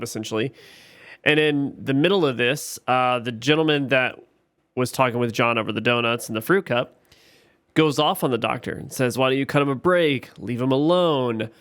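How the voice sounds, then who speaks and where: A man co-hosting a podcast, recapping a TV episode scene by scene in casual chat, getting animated when he is frustrated. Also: mid-range voice, smooth, no echo. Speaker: podcast co-host.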